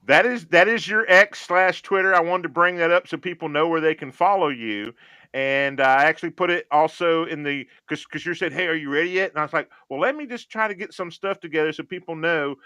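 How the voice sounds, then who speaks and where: A man's voice: fairly high pitch, brisk, pushed and bright, smooth, no echo. A man hosting a casual gaming podcast, joking and rambling as he thinks aloud. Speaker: podcast host.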